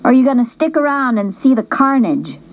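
Woman doing a teasing high teen girl. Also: animated, dull audio. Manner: bold, teasing, quick. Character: teasing, brash teenage girl, a best friend.

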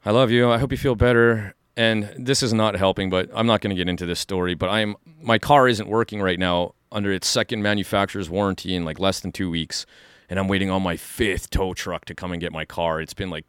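A man co-hosts a podcast in a studio, chatting casually with a rambling, enthusiastic manner. His voice is low, and his words come out quickly. The sound is dry, with no room echo. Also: steady tone, smooth. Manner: rambling, enthusiastic, full of fillers and restarts. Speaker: podcast co-host. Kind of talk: casual chat.

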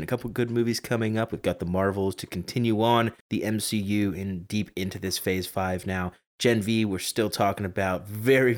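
A male co-host with a low voice chats casually on a podcast. He talks playfully, slipping into promotional patter as he runs through where to find the show.

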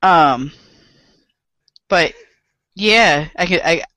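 A woman's voice: on the low side, a bit bright, no echo, low-quality recording. A woman co-hosting a casual podcast, rambling, swearing freely and laughing often on a home microphone. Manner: rambling, profane and quick to laugh. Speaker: podcast co-host. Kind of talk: casual chat.

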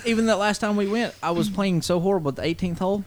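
A man co-hosting a podcast in casual chat, relaxed and easygoing. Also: high voice, quick pace, a little hiss or hum. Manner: relaxed, short agreeing replies. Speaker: podcast co-host.

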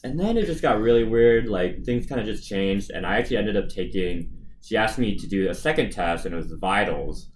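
A man co-hosting a podcast, telling a story in a casual, animated way and acting out the voices of the people in it. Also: fairly low pitch, brisk, slight background noise, rough recording. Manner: animated, acts out quoted voices. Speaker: podcast co-host.

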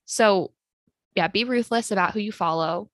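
A woman's voice: medium pitch, moderate pace, a bit bright, no echo. A woman hosting a podcast, chatting casually in a practical, filler-heavy way. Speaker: podcast host. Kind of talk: casual chat.

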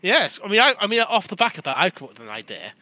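A British man co-hosting a podcast, ranting and swearing in casual banter, quick to laugh. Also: sits high, big pitch swings, pushed and bright, dull audio. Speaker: podcast co-host.

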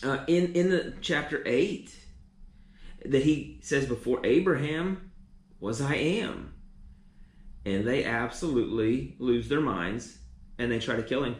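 Man preaching, stumbling repeats, mid pitch, echoey room. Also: measured pace, pauses often. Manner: repeats words often, restarts. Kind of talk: sermon teaching.

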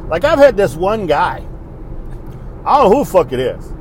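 A middle-aged man hosts his podcast in a casual, fired-up rant, blunt and full of swearing. His voice sits a little high for a man. A faint hiss of noise runs underneath. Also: very animated, moderate pace, a little mellow. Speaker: podcast host. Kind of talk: casual ranting monologue.

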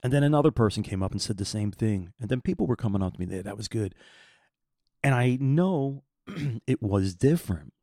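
A man's voice: medium pitch, animated, brisk, dark tone, no room sound, studio quality. A man in his fifties telling a personal faith story in an earnest, rambling way, often repeating words as he searches for them. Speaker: podcast host.

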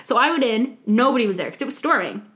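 A woman's voice: a little high, very animated, quick pace, fairly bright tone. A young woman co-hosting a podcast, chatting casually and gushing through a story, acting out what people said. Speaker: podcast co-host. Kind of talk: casual chat.

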